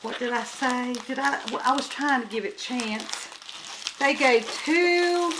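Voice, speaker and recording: A woman's voice: mid-range voice, noisy background. A woman crafts vlogger chatting casually to her viewers while unboxing kits at home, talking straight to the camera and getting exasperated over problems. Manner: chatty, addresses viewers directly, grows exasperated.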